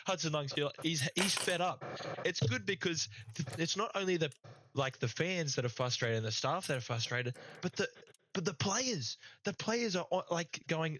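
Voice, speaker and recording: A man's voice: on the high side, expressive, moderate pace, fairly bright tone, poor audio. A young Australian man co-hosting a casual sports podcast, fired up and swearing in mock outrage. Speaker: podcast co-host.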